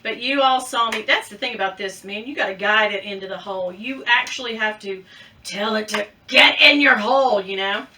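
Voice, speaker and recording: A woman's voice: medium pitch, moderate pace, pushed and bright, recorded from a distance, slight background noise. A middle-aged woman, chatting playfully to viewers while unboxing a handbag. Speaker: unboxing vlogger. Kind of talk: casual chat.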